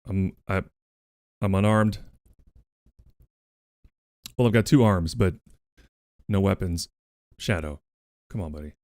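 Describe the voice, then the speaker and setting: A man's voice: low voice, slow pace, pauses often, a little mellow, no room sound. A male streamer in casual livestream chat, playful and casually swearing, cooing at his pets while he talks to viewers on a close desk mic.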